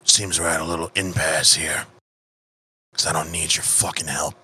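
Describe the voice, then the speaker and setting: A man voicing a cold, menacing male tabaxi gunman in a tabletop game, low and sneering. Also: level tone, normal speed, bright, forceful tone, slightly rough, heavily acted.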